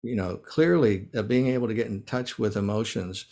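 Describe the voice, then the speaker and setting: A middle-aged American man delivers a keynote lecture with a gravelly, fry-edged voice that sits fairly low. He speaks in a measured, earnest way, often pausing on fillers and restarting his phrases. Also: darkish tone.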